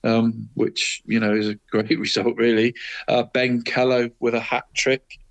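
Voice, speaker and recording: A man's voice: mid-range voice, little pitch movement, unhurried. Chatty man reading football results. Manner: chatty, says "mate" after almost every phrase. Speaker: co-host of a local football podcast. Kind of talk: casual chat, reading out results.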